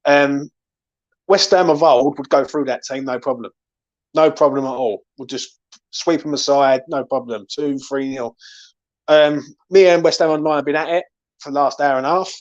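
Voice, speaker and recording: A man's voice: on the high side, steady tone, normal speed, muffled recording. A man hosting a fan channel, ranting angrily about a football match and swearing often. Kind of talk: angry football fan reaction.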